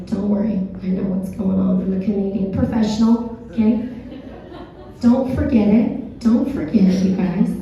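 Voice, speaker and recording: A hoarse woman comedian doing a stand-up set, talking with the crowd in a self-deprecating, conversational way. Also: fairly high pitch, mellow, a little hiss or hum. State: hoarse, dry throat. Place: theater stage. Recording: echoey theater, far from mic, dull.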